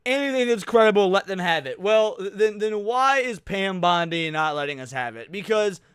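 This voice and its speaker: Male livestream host, heated sweary reaction commentary, high, clean dry voice. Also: lively intonation, moderate pace, fairly bright tone, clear, resonant tone, no room sound. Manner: profane, heated ranting.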